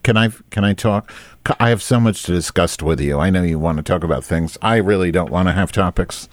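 A man's voice: low voice, brisk, no echo. A man hosting a live online talk show alone at his mic, rambling, teasing and crude. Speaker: host. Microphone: desk microphone.

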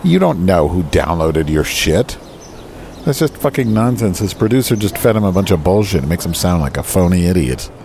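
A man with a deep, slightly mellow voice rants on a casual vlog from a park bench, his pitch swinging widely at a moderate pace. He grumbles, swears, and feels sorry for himself in a rambling outdoor monologue. Birds sing and traffic passes in the background.

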